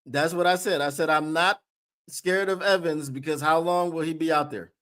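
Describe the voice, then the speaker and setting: Hosting a live sports watch-party stream, a man talks at a moderate pace in a fairly high voice. Excited shouts, whoops, and laughter come from him frequently.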